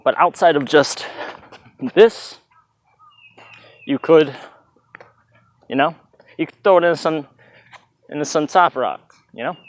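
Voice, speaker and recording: A man's voice: fairly high pitch, slow, long pauses. A man giving a casual dance tutorial in a loose, chatty way, counting out moves with "bah" sounds, sometimes moving away from the mic. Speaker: dance instructor. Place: outdoors in hot weather. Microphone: plugged-in mic, sometimes stepping away.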